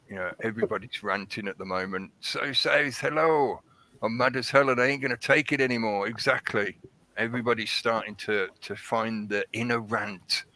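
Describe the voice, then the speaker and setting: This livestream host speaks on the low side with a bright, forceful tone. He chats casually and ramblingly, greeting viewers in the chat by name.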